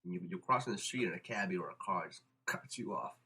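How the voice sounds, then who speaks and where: A young man, hosting a casual podcast and telling stories quickly with lots of restarts. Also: low-pitched, slightly rough. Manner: fast, animated storytelling with restarts. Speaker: podcast host. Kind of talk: casual chat.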